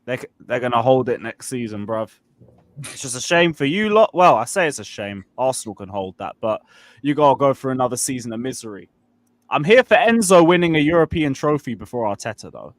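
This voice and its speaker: A man's voice: medium pitch, very animated, a little fast, no echo. A man in casual fan chat on a panel, laid-back and teasing.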